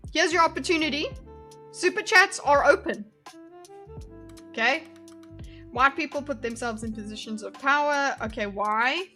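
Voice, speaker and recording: A woman's voice: high-pitched, moderate pace, long pauses, sharp tone, soft background music. A woman from Spain giving casual, chatty reaction commentary, swearing and laughing as she gets heated. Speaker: video commentator.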